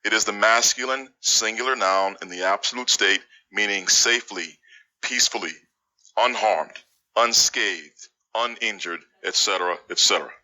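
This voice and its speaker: Bright-voiced man giving a blunt lesson. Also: lowish voice, rough recording. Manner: blunt, scornful, deliberate spelling-out of words. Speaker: Bible language teacher. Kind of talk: scripted Hebrew word-by-word lesson.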